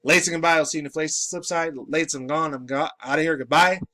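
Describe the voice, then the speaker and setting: A man's voice: on the high side, a little fast, bright, forceful tone, no room sound. A man in his late twenties, just woken up and groggy, ranting and rambling in a profane, casual commentary. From New York City. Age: late 20s. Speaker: pop culture vlogger.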